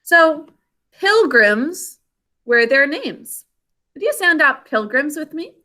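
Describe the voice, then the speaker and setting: High-voiced woman teaching phonics slowly. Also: big pitch swings, bright, forceful tone. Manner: patient, spells words out sound by sound. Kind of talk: online phonics lesson. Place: remote class on a video call.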